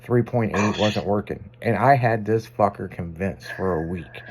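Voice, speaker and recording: A man's voice: on the low side, unhurried, noisy background. Profane rambling radio host, man. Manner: rambling, profane, self-amused anecdotes. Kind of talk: casual on-air storytelling.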